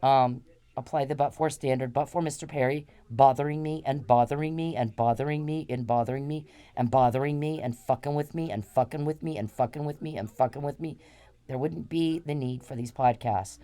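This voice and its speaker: A woman's voice: a bass voice, brisk, warm tone. A woman hosting a podcast, delivering an angry, repetitive, profane monologue aimed straight at one man. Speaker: podcast host.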